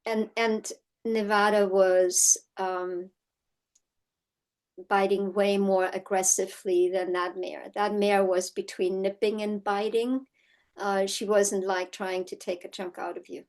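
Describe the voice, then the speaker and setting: A middle-aged woman teaching an online horsemanship course in a casual, storytelling way, often checking in with "right?" and acting out quotes in lively voices. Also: medium pitch, takes it slowly. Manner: chatty storytelling, frequent "right?" tag questions; acts out quotes in animated voices. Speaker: horsemanship instructor.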